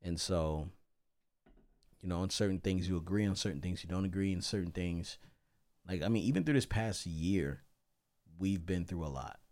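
A man with a deep, low voice co-hosts a casual podcast about marriage. He talks in an easygoing, conversational way and often checks in with his partner. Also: normal speed, pauses often, a little mellow. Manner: laid-back, conversational, uses "you know what I'm saying". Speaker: podcast co-host. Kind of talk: casual chat.

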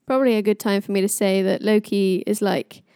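A woman's voice: medium pitch, fairly even intonation, brisk, dark tone, smooth, no echo, clean studio sound. A young woman retelling myths on a podcast in a chatty way, with jokey asides. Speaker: podcast storyteller.

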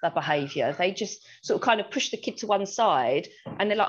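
A young woman chats through a casual discussion, telling anecdotes and slipping into bits of acted dialogue. Her voice sits at an ordinary middle pitch. The recording sounds a little dull and lo-fi. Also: animated, moderate pace, hardly any pauses. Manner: chatty, anecdotal, acts out dialogue. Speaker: discussion panellist, new mother.

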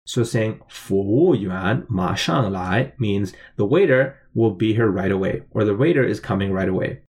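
A man's voice: on the low side, moderate pace, darkish tone, slightly rough. A man teaching a language lesson, explaining phrases word by word and spelling out their tones. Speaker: language teacher playing a waiter.

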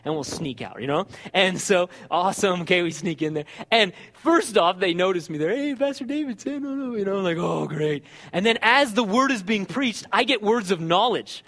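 Animated pastor preaching in a reverberant hall. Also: male voice, high-pitched, normal speed, few pauses. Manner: animated storytelling, acts out dialogue. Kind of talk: sermon.

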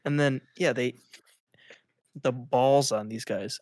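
A man's voice: medium pitch, fairly even intonation, slow pace, a little mellow, no echo, studio quality. A man co-hosting a podcast in casual chat, rambling and filling nearly every phrase with "like". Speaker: podcast co-host.

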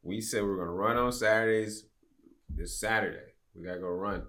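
A man's voice: on the low side, steady tone, brisk, bright, forceful tone. A man in his fifties, a podcast guest, telling a story in casual chat. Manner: storytelling, acts out quoted people.

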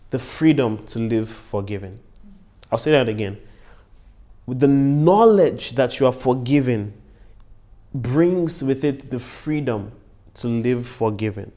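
A man's voice: medium pitch, dark tone. A man giving a devotional Bible teaching as a preacher. He talks earnestly, repeats key phrases for emphasis and breaks into short words of praise between points. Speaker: preacher and podcast host.

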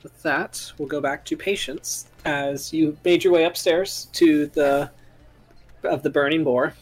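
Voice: mid-range voice, steady tone, measured pace. A game master narrating a tabletop game, describing scenes in a loose, filler-heavy ramble.

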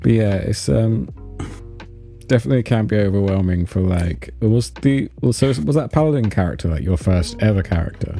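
Young man, animated pitch, warm, casual podcast host, faint background music. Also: a little fast. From United Kingdom. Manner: lively, laughing, hesitant with ums. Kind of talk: casual interview chat.

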